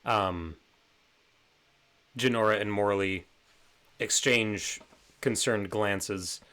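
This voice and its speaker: A man narrates as game master for an online tabletop session. His voice sits low, and he talks in a loose, rambling way, padding his sentences with fillers. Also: very slow, clear, resonant tone. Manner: relaxed, rambling with many fillers.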